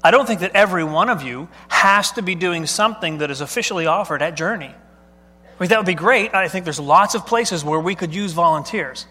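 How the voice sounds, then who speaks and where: A man's voice: high-pitched, a little fast, pushed and bright, husky. A male pastor preaching a sermon in a conversational way, often putting questions to the congregation. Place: church sanctuary. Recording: long hall reverb.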